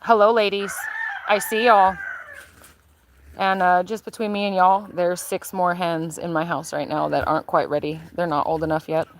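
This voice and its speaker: Chatty low-voiced woman touring her garden. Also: moderate pace, slight background noise. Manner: chatty and relaxed, with frequent fillers. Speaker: gardener showing her property. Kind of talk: casual live-stream chat. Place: outdoors in a backyard garden.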